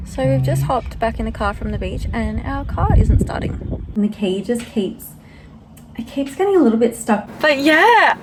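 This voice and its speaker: Gushing high-voiced Australian woman vlogger. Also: noisy background. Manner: bubbly, gushing, quick to laugh. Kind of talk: casual vlog chat.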